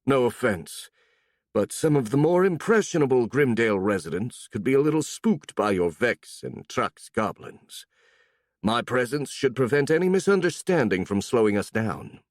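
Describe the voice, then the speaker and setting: A man's voice: medium pitch, sing-song, moderate pace, no room sound, clean studio sound, close to an everyday voice. A man voicing a polite, businesslike nobleman speaking diplomatically in an audiobook.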